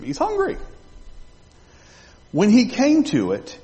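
A male pastor preaching a sermon, animated and full of rhetorical questions to his congregation. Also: medium pitch, unhurried. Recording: long reverb of a large hall.

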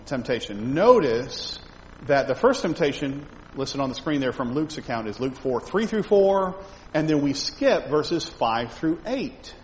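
A man teaching a Bible lesson in a conversational way, asking his listeners questions as he points to slides. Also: on the high side. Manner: animated, conversational, asks the audience questions. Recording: reverberant hall with faint background noise.

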